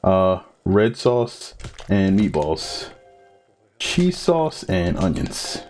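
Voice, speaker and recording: Speaking extremely slowly in a deep voice, a man provides live commentary on a cooking game he's streaming. Faint music plays behind him as he calls out ingredients one after another and kids around with his co-host.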